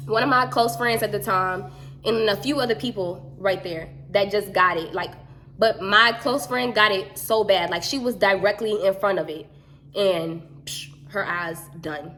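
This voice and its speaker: A woman telling a story in a casual chat, animated and slangy. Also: medium pitch, moderate pace, slight background noise.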